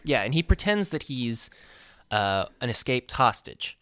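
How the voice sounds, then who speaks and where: A man's voice: mid-range voice, sing-song, a bit bright, no room sound, studio quality. A man co-hosting a podcast, recapping a film in casual chat with many ums and uhs. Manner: halting, filler-heavy recap. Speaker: podcast co-host. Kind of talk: casual movie discussion.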